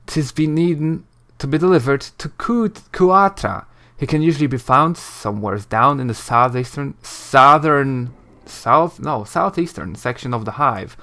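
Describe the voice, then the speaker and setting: A man's voice: medium pitch, a little slow, few pauses, sharp tone, pitched above the performer's own voice. A man putting on a shifty rustic beggar. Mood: urgent. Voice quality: old-timey rustic speech, "ye" and "me". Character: grimy shifty male beggar with a rustic brogue.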